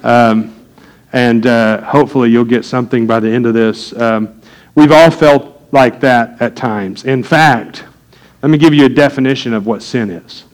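A man's voice: mid-range voice, moderate pace, poor audio. Guy preaching, chatty sermon style, lots of ums, pokes fun at the crowd. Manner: conversational, joking with the congregation, many fillers. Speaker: pastor.

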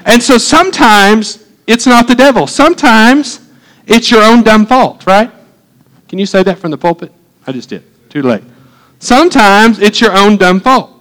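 A man's voice: high voice, fairly bright tone, poor audio. A man preaching a sermon as a pastor, talking to the congregation in a casual, joking way and acting out the people in his stories. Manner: humorous, conversational preaching, acting out quotes.

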